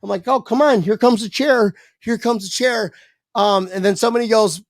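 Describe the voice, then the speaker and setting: Speaking at a moderate pace, this man has a high-pitched voice that is gravelly and creaky. As a podcast guest, he animatedly tells a casual story, cursing freely and slipping into the voices of the people he quotes. The recording is close and dry with no echo.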